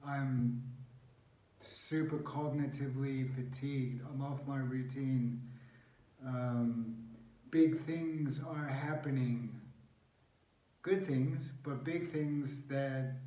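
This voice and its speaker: A man's voice: mid-range voice, fairly even intonation, slow, long pauses, dark tone, distant mic. A man talking bluntly and candidly in a vlog, swearing heavily and rambling as he vents his frustration. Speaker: vlogger sharing brain injury recovery. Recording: roomy echo, voice a bit off-mic.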